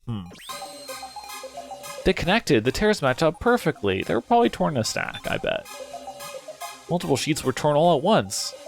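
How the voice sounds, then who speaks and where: A young man casually narrating his way through a story game, thinking out loud, excitable and prone to swearing. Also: a little high, normal speed, vocal fry, long pauses, soft background music. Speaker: game let's player. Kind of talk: casual gameplay commentary.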